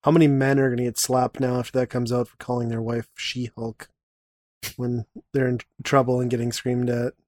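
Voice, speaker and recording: A man's voice: mid-range voice, level tone, normal speed, a little mellow, no room sound. A man co-hosting a casual podcast, joking and teasing his partner. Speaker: podcast co-host. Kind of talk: casual chat.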